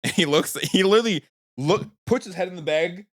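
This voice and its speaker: Animated man telling stories on a podcast. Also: high voice, fairly quick, dry recording, clean studio sound. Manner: animated storyteller, acts out quotes with laughter. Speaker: podcast co-host. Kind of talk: casual chat.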